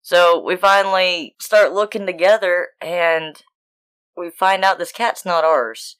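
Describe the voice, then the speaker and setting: A woman co-hosting a podcast, telling animated, profane stories in casual chat. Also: on the low side, takes it slowly, clear, resonant tone. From United States. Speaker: podcast co-host.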